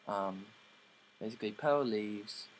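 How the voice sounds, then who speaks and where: Rambling young man, low voice. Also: slow, a little hiss or hum, poor audio. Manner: rambling, full of likes and ums, swears casually. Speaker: student summarizing plays. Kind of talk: casual spoken summary.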